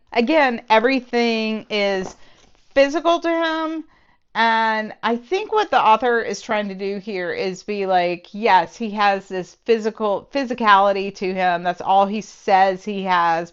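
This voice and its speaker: A woman's voice: mid-range voice, clean tone, muffled recording. A woman casually recapping and reviewing a novel with a sarcastic, exasperated manner. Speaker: book reviewer. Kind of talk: casual spoken book review.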